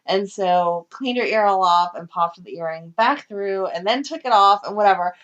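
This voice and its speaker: A woman in her thirties chats casually as a podcast co-host. Her voice sits mid-range and rises sharply when a story gets exciting, and she laughs often. The recording sounds dull and slightly lo-fi. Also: medium pitch, normal speed. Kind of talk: casual chat. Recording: dull lo-fi audio.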